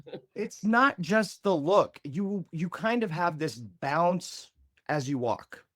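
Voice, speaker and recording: A man's voice: sits high, lively intonation, slow pace, a bit bright, no echo, clean studio sound. A man co-hosting a podcast, making friendly teasing remarks in casual chat. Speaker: podcast co-host.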